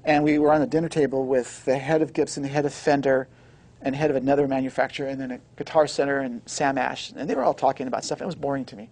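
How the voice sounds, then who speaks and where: A man being interviewed, telling a story in an animated way and acting out the dialogue. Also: medium pitch. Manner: fast, excitable, acts out the dialogue. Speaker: guest recording engineer.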